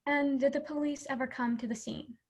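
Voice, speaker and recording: Woman, prosecutor, brisk direct questions, high voice, video call. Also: steady tone. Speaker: prosecuting counsel. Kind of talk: courtroom direct examination.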